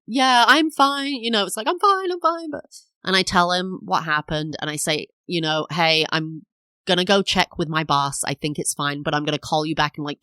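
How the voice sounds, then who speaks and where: A woman's voice: sits low, fairly bright tone, no room sound. A woman in her thirties, a podcast host telling a personal story in a chatty, rambling way, full of fillers and acted-out quotes. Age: 30s.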